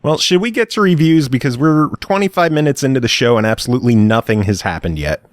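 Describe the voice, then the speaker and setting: A man's voice: medium pitch, expressive, fast, no echo, studio quality. A man hosting a podcast, chatting casually with wry humor and reading out game details. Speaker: podcast host.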